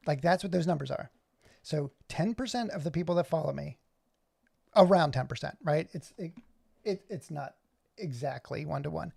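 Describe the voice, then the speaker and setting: A man chatting loosely to his live stream audience, his voice gravelly with a touch of fry. He sits a little high in pitch for a man and drifts from point to point with jokey asides to viewers. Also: darkish tone. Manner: rambling, talks to chat, jokey asides. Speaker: livestream host. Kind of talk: casual live stream chat.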